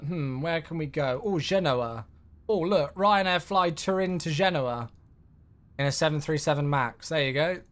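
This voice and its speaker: A man's voice: sits high, fairly bright tone. A young man, chatting casually on a flight-sim live stream and thanking viewers by name.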